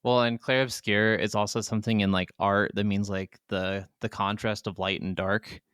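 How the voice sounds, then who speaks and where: Low smooth-voiced podcast co-host. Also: male voice, flat delivery, fairly bright tone, no room sound, studio quality. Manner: chatty, lots of "like", quick agreeing interjections. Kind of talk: casual podcast chat.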